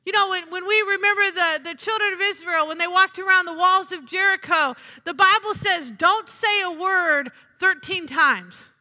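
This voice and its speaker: A woman's voice: extremely high pitch, normal speed, few pauses, pushed and bright. A woman preaching a sermon in a church, emphatic, repeating her phrases and asking the congregation "Amen?". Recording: long hall reverb.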